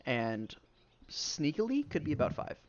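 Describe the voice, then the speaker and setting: A man's voice: fairly high pitch, wildly swooping pitch, unhurried, highs cut off, a crowd in the background. A man narrating as game master of a tabletop game, describing scenes in a loose, rambling way full of fillers.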